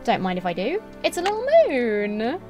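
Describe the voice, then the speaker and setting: A woman's voice: on the high side, sing-song, normal speed, warm tone, faint music behind. A woman streaming a game who chats, jokes and mutters to herself. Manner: chatty, joking, talks to herself. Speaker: let's play streamer. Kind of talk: casual gameplay commentary.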